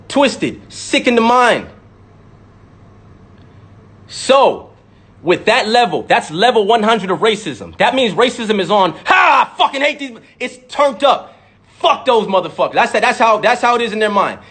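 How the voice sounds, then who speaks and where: A man's voice: high-pitched, sing-song, measured pace, a bit bright, breathy edge. A man, a rapper, delivering an impassioned, profane monologue to camera and repeating words for emphasis.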